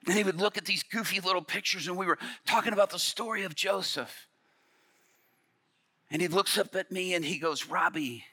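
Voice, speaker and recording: A man preaching in a dramatic storytelling sermon, with a fairly high voice and a very bright, forceful edge. He swings from hushed near-whispers to loud outbursts. The sound is dry and close. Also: a little fast, dry recording.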